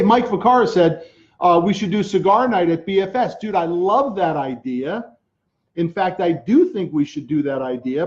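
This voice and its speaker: A middle-aged man, a business coach answering viewer questions on a casual live stream, energetic and full of slang like dude and man. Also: on the high side, lo-fi sound.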